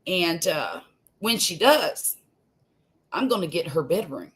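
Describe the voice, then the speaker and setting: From her home room, a Gulf Coast grandmother in her fifties rambles through a casual live stream, unhurried and chatty. Her slightly low, fairly bright voice drawls slowly with big pitch swings. She's homey, laughs often, and trails off with fillers.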